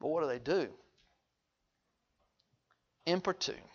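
A man preaching a sermon, swinging from hushed low asides to loud, high-pitched exhortation. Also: very animated, slow pace, pauses often, lo-fi sound. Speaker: pastor.

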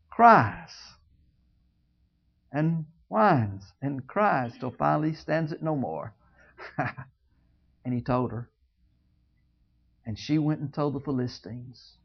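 A preacher telling a Bible story in a sermon, swinging between loud, high outbursts and hushed low asides, joking with the congregation. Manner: jokes with the congregation. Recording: dull lo-fi recording.

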